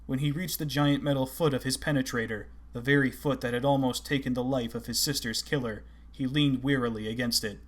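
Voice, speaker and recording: A man narrates an audiobook in a steady, measured reading. His voice sits in a middle pitch.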